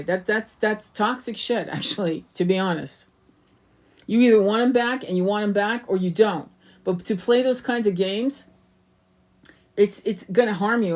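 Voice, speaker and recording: A woman's voice: fairly low pitch, a little mellow. A middle-aged woman giving casual spiritual advice as a tarot reader, blunt and swearing freely, often checking in with "okay?".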